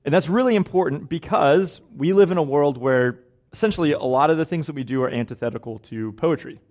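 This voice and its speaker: A man's voice: a little high, a little fast, a little mellow, lo-fi sound. A young man preaching a casual, conversational sermon in a church, chatty and self-deprecating, often laughing at his own stories. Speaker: guest preacher. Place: church sanctuary.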